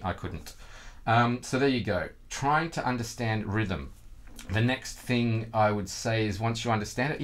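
A man, teaching guitar in a casual video lesson, chatty and self-mocking, sometimes singing rhythms with nonsense syllables. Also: on the low side.

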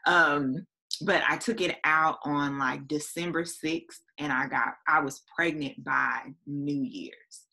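Woman, 30s, low pitch, bright tense tone, chatty casual talk, lots of fillers. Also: fairly even intonation, slow, gravelly, husky. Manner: chatty, many fillers and quoted self-talk. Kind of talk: casual chat.

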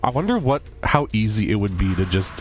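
A man streaming a horror game, yelping, swearing and apologizing to his teammates, then musing calmly on the game. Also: lowish voice, a little fast. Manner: calm, musing commentary. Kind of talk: live game commentary. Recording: faint background noise.

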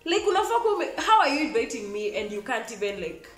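A young Kenyan woman with a Kenyan accent telling an exasperated, animated storytime vlog, switching between languages. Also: a little high, fast, echoey room, soft background music. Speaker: vlogger.

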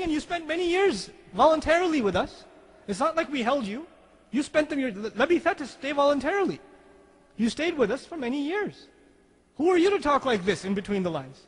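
A man giving an animated religious lecture, acting out the dialogue he quotes and reciting scripture between explanations. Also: extremely high pitch, fairly quick, slightly rough. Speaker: Islamic speaker. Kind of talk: lecture on Quranic language. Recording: lecture hall with long reverb.

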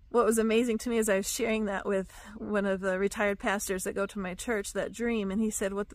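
Soft-spoken woman sharing a devotional teaching. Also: medium pitch, dry recording. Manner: soft, reflective, with fillers. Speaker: Christian teacher sharing dreams.

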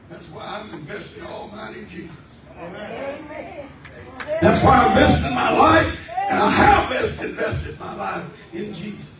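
A man preaches a revival sermon in a very high, swooping voice, shouting and crying out praise between lines. He is heard from a distance in a booming, echoey church hall, with a congregation murmuring around him. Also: big pitch swings, measured pace, over a noisy crowd. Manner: fervent, shouting preaching with repeated praise cries. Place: church sanctuary.

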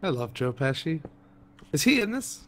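A man's voice: on the high side, sing-song, moderate pace, fairly bright tone. A man in casual gaming banter, joking and needling his friends. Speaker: gamer.

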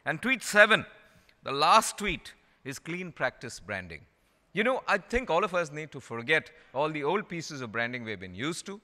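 Animated Indian man in a reverberant hall. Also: fairly high pitch, normal speed. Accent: Indian English. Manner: animated, repeats phrases for emphasis. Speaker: conference speaker. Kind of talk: storytelling keynote talk.

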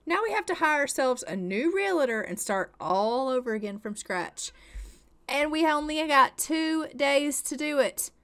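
Brief: young woman, higher voice, dramatic exasperated game commentary. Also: animated, a little slow. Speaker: let's play host.

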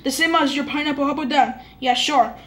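A female speaker improvising a toy play-acting story in a halting, stammering way. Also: sits high, sharp tone.

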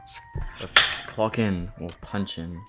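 Jumpy low-voiced man playing a horror game. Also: fairly even intonation, takes it slowly, over loud music. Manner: jumpy, talks back to the game, nervous laughs. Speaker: game streamer. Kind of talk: let's play commentary.

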